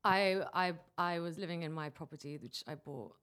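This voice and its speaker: A young woman guest in a casual interview, talking about her work and often laughing, getting animated when excited. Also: fairly low pitch, normal speed, clean tone. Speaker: guest, coding educator and YouTuber.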